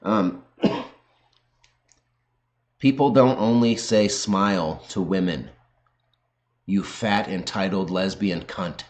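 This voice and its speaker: A man's voice: deep voice, slow, long pauses. A man ranting on video, sarcastic and combative, swearing heavily as he argues. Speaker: video host. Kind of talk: profane ranting commentary.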